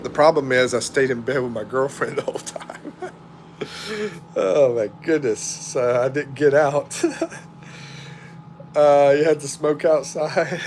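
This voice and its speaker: A man's voice: on the high side, darkish tone, a little hiss or hum. A middle-aged man hosting a casual livestream, chatting in a drawling, rambling way as he reads out viewer comments. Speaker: livestream host.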